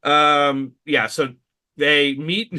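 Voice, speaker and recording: A man's voice: fairly high pitch, fairly even intonation, very slow, sharp tone. A man co-hosting a casual film podcast, recapping the plot with sarcastic asides. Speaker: podcast co-host. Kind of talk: casual film review chat.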